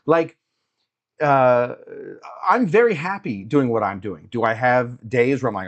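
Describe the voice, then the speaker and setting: A man's voice: medium pitch, expressive, a little slow. A middle-aged man hosting a live cocktail show from a hotel room, rambling and reflective as he talks, with frequent fillers and chuckles. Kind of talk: casual live-stream monologue.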